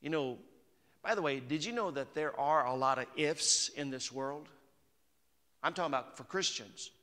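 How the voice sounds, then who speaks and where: A man's voice: medium pitch, normal speed, bright, forceful tone. A man preaching a sermon as pastor, chatty and conversational, climbing to emphatic peaks. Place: church sanctuary. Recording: long hall reverb.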